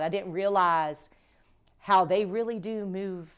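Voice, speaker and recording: At a podcast recording, the owner of a cleaning company chats casually as a guest in a medium-pitched, unhurried, smooth voice. Her storytelling is emphatic, with quoted dialogue acted out.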